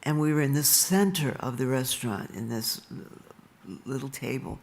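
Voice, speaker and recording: An older woman speaking at a live event, telling stories about her life in an unhurried way and laughing softly now and then. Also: very deep voice. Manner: slow and unhurried, with soft laughs. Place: stage in a large venue.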